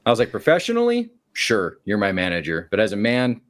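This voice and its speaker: A man's voice: fairly low pitch, fairly quick. A man calling in to a late-night show, casually telling a long work story and acting out the quotes. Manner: animated, acts out quotes with shifting voices. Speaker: caller.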